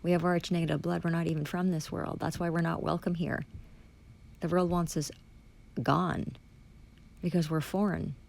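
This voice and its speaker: Woman, gravelly voice, angry profane rant, sarcastic, reads a document aloud and argues back. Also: lowish voice, level tone, normal speed, long pauses, a little mellow, slight background noise. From Canada. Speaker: vlogger reading and rebutting a policy document. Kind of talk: angry ranting monologue.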